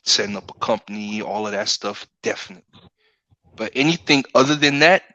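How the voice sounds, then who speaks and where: A man's voice: lowish voice, brisk, sharp tone, no echo, muffled recording. A man talking as a guest in a casual livestream chat, laid-back and peppering his points with "you know what I'm saying". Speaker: podcast guest.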